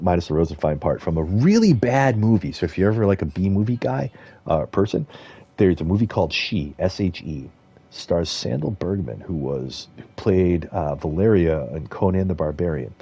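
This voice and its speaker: Male game streamer, gravelly, mellow tone, lively rambling commentary. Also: low-pitched, normal speed, no room sound. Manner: chatty and rambling, with frequent chuckles. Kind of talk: casual gameplay commentary.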